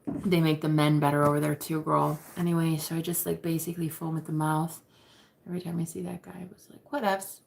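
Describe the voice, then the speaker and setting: Creaky-voiced woman chatting candidly. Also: low-pitched, flat delivery, quick pace, darkish tone, a little hiss or hum. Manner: chatty, laughs often, swears casually. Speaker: vlogger. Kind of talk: casual confessional chat to camera.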